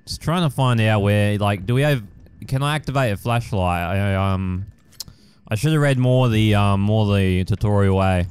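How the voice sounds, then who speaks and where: A man's voice: fairly low pitch, normal speed, darkish tone, clear, resonant tone. A young man hosting a casual let's-play, rambling with many fillers and casual swearing as he plays. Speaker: gaming channel host.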